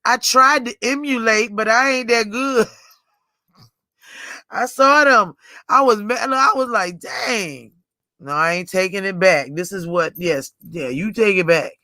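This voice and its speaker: A woman's voice: on the high side, a little slow, pushed and bright, no echo, clean studio sound. A woman in her forties hosting a livestream in rambling, casual chat, often laughing. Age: 40s. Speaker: livestream host.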